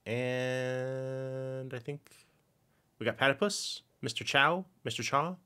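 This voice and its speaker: A man hosting a casual podcast with a sore back, talking in a wry, deadpan way. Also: medium pitch, takes it slowly, clean tone. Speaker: podcast host. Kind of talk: casual chat.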